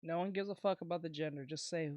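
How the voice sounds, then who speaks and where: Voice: mid-range voice, quick pace, darkish tone. A streamer giving casual live reaction commentary, ranting and incredulous, with lots of swearing. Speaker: VTuber streamer reacting to videos.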